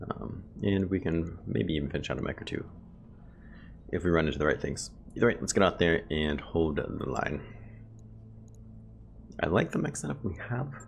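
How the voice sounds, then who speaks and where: A man's voice: deep voice, animated, normal speed, creaky, pauses often, a little hiss or hum. A man casually commentating a game he plays, chatty and thinking aloud to his viewers. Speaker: gameplay video host. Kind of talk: casual let's play commentary. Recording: game music playing behind.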